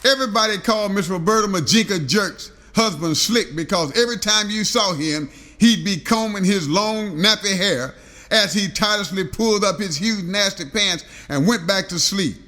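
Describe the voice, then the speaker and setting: A man's voice: sits high, normal speed, bright, forceful tone. A man narrating a rambling comic story, stringing long lists of insults with filler "uh"s.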